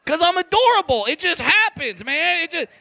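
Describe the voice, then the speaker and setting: A man in his twenties doing a brash, crude stand-up set, shouting his punchlines. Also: extremely high pitch, sing-song, normal speed, creaky, no echo. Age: 20s. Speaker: stand-up comedian.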